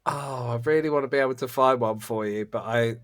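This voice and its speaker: A man's voice: medium pitch, brisk, no echo, clean studio sound. A man co-hosting a podcast over a video call, chatting casually and laughing easily. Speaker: podcast co-host. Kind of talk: casual chat.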